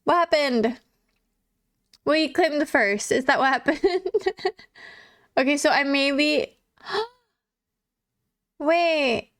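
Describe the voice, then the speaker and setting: A woman's voice: high-pitched, slow pace, long pauses, a bit bright. A woman streamer in casual live chat, giggly and chatty, reading and answering chat.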